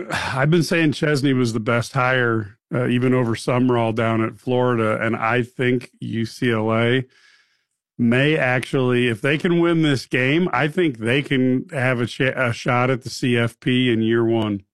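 A man's voice: medium pitch, fairly even intonation, a little slow, no echo, studio quality. A man co-hosting a sports radio show, giving his picks with wry, sarcastic remarks. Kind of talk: casual sports picks chat. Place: radio studio.

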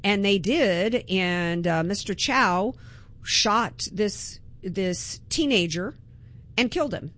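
A woman's voice: mid-range voice, expressive, slow pace, fairly bright tone. A woman hosting a political talk radio show, delivering an impassioned, emphatic monologue with frequent restarts.

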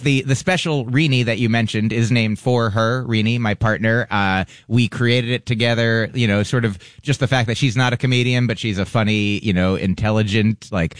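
A man's voice: lowish voice, smooth, no room sound, studio quality. A man, a comedian guest, chatting casually, rambling and joking with lots of self-interruptions.

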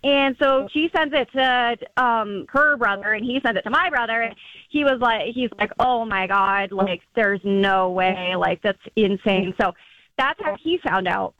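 A woman's voice: on the high side, unhurried, a bit bright, no echo, dull audio. Chatty young woman telling a story. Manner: chatty, lots of "like" fillers, acts out quotes. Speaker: caller. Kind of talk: casual phone-in storytelling.

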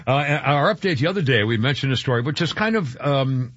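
Husky male radio host, rambling and chuckling, dry lo-fi radio sound. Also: medium pitch, animated, a little fast, a bit bright, no echo. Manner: rambling, chuckling, trips over words. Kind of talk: casual radio banter. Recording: dull radio broadcast sound.

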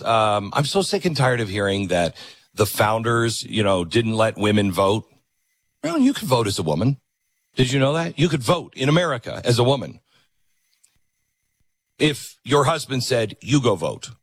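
A man's voice: medium pitch, fairly bright tone, husky, no room sound. A man hosting a political talk show, commenting with sarcastic, mocking asides.

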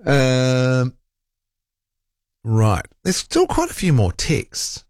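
A man's voice: medium pitch, huge pitch swings, very slow, darkish tone, dry recording, clean studio sound. A man hosting a talk radio show, reading out listener texts and arguing back in a rambling, self-correcting way.

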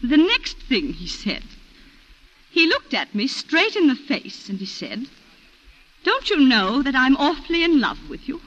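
An actress playing a refined colonial wife who tearfully recounts a shooting, in a 1940s radio drama style. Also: female voice, high-pitched, big pitch swings, unhurried, fairly bright tone, heavily acted. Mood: distraught. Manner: breathless, emotional, refined. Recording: muffled old radio recording.

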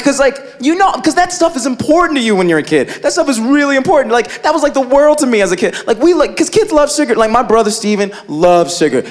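A man doing a stand-up comedy routine on a club stage, telling a story with lots of "like" fillers and acting out the people in it. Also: high-pitched. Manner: animated storytelling, frequent "like" fillers, acts out characters. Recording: live club with loud crowd laughter and noise.

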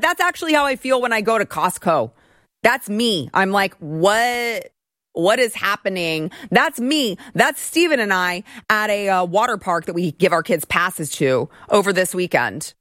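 A woman's voice: medium pitch, fairly bright tone, dry recording, clean studio sound. A woman in her thirties hosting a political commentary show, talking in an indignant, ranting way.

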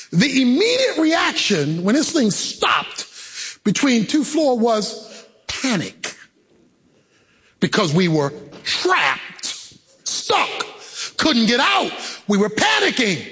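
A man preaching a sermon, telling a story with animated delivery that swings into shouts and a sing-song cadence. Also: sits high, breathy edge, long reverb tail.

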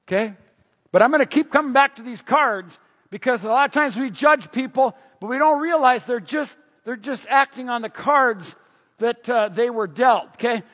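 Husky high-voiced male preacher. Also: normal speed, in a large hall, muffled recording. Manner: animated, conversational storytelling with audience prompts. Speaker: pastor. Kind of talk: sermon.

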